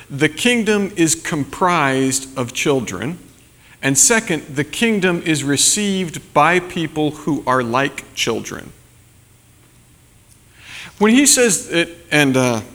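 A man's voice: a little high, a bit bright. Man preaching in an echoing hall. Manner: conversational, many fillers and tag questions. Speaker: pastor. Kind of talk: sermon. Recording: long reverb of a large hall.

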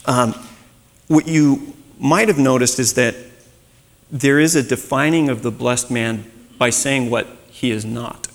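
A man's voice: mid-range voice, measured pace. A man preaching a sermon in a conversational way, acting out the voices he quotes. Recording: long reverb.

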